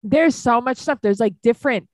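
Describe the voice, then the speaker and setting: A woman co-hosting a podcast in casual chat, laughing often and chiming in with quick replies. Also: a little high, darkish tone, no echo, clean studio sound. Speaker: podcast co-host.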